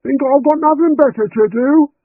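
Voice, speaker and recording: A man voicing a truculent, rude housekeeper woman who talks loud, gruff and curt, on a tinny recording. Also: a little high, fast talker, no room sound, pitched above the performer's own voice. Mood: surly.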